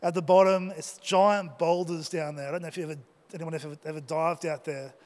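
A man's voice: a little high, fairly even intonation, a little fast, darkish tone. A young man preaching, telling a personal story and asking his congregation questions. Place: church hall. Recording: long hall reverb.

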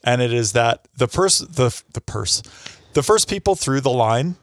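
A man's voice: mid-range voice, lively intonation, a little slow, no room sound, clean studio sound. Candid, rambling man on a podcast. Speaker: podcast co-host. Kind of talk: casual chat.

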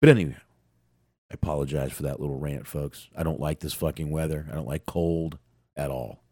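A man co-hosting a casual wrestling podcast, talking profanely and excitably while he has a sinus cold. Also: extremely low pitch, a little fast, breathy edge, no room sound, studio quality. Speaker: podcast co-host.

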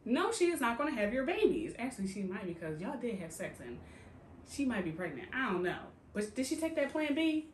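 Speaking briskly with a fairly high pitch, a female podcast co-host chats casually about a TV show she's recapping. The sound is reverberant with a bit of background noise, and she's a lively, foul-mouthed narrator who keeps laughing and voicing the people she quotes.

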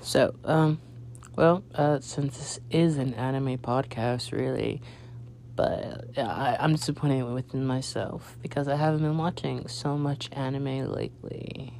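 A man's voice: mid-range voice, steady tone, a little slow, gravelly, a little mellow, a little hiss or hum. Rambling young man hosting a podcast. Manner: rambling, many fillers and restarts. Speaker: podcast host. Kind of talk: casual solo podcast chat.

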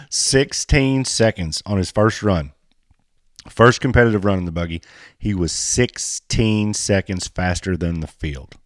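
A podcast host with a low voice and measured pace chats casually about off-road racing in a blunt, joking, folksy manner. The studio-quality recording has no echo.

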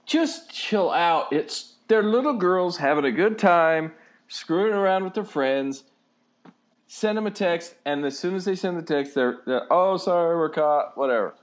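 Man, casual podcast chat, rambling storyteller, animated pitch, slightly high voice. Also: measured pace. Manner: rambling storyteller with restarts and chuckles. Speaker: podcast co-host, father.

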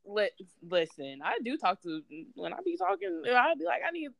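A laughing, slangy woman in casual conversation. Her pitch sits a little high and moves around a lot, and her voice is bright. The recording is dry. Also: sing-song, normal speed, creaky, no room sound. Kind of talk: casual chat.

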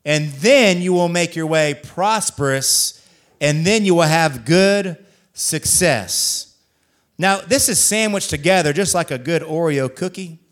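A male pastor preaching a sermon, reading scripture aloud in a measured cadence and driving points home with repeated rhetorical questions. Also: on the high side, animated, a bit bright.

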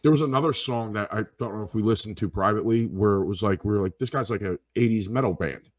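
A man co-hosting a reaction podcast on a remote call, enthusiastic and halting as he thinks aloud. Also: lowish voice, no echo. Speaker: podcast co-host. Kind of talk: casual reaction chat.

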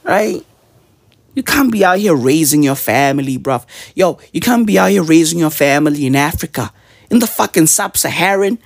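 Animated, profane man ranting comically. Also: normal speed, creaky, no echo, studio quality. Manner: profane, animated, peppered with slang; mock-outraged, jumps into high shouts. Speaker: comedy podcaster. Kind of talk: comedic rant.

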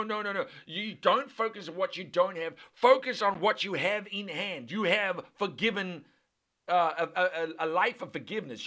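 A man's voice: sits high, sharp tone. A man preaching a sermon with fervent, repetitive rhythmic cadence, building lists phrase by phrase.

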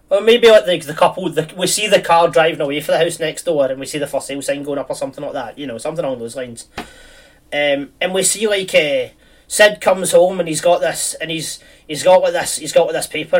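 A man's voice: a little high, recorded from a distance. A man chatting casually, rambling through a film plot with lots of fillers and restarts.

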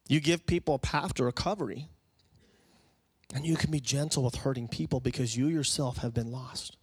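Man, pastor, sermon, middle-pitched voice, conversational to fervent, church microphone. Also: husky. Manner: conversational, rising to fervent exhortation. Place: church sanctuary.

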